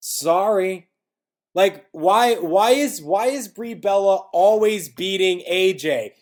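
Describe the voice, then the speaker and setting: A man's voice: sits high, animated, takes it slowly. A man hosting a casual wrestling review, rambling with lots of filler words and growing exasperated. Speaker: wrestling podcast host.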